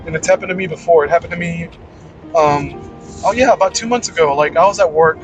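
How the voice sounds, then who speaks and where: A man's voice: fairly high pitch, fast, over music, poor audio. A man giving a casual, rambling monologue about faith, blunt and full of "like" and "man.". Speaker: channel host.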